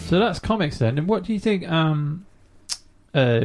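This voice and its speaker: A man hosting a casual podcast chat with children, asking gentle questions with many ums and uhs. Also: fairly high pitch, expressive, normal speed, loud music behind the voice. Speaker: host.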